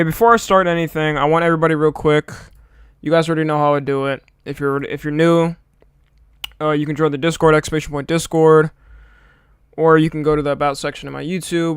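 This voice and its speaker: A man's voice: on the high side, gravelly, clean tone, dry recording, studio quality. A young man streaming live, chatting casually and a little tired, swearing freely as he greets viewers by name.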